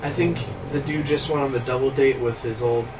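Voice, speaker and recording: A young man chatting casually on a movie commentary, an animated storyteller who laughs often and slips into loud impressions. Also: mid-range voice, brisk. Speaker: co-host. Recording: noisy, distant room recording.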